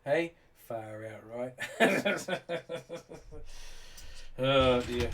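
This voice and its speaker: Inside his home on a rainy day, a livestreamer builds and casually talks with his audience, swearing freely and calling people bro and mate. He speaks slowly at medium pitch with long pauses, captured by a distant mic with faint background noise.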